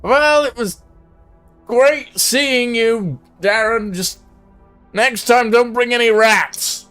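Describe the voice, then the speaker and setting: A man's voice: very high voice, slow, sharp tone, clean tone, soft background music, pitched above the performer's own voice, heavily acted. A man voicing a keen, jumpy old male shopkeeper who bursts out with curses when startled. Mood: grumbling. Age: older. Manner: startled, cursing outbursts.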